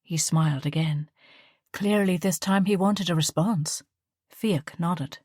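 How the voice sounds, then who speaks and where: A woman narrating an audiobook in a steady, measured way. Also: sits low, no echo, studio quality.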